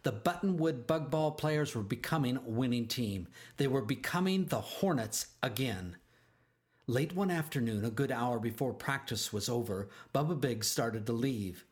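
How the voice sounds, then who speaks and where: A man reads a children's storybook aloud at a middling pitch. He is expressive and drags out key phrases for emphasis. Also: moderate pace. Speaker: narrator.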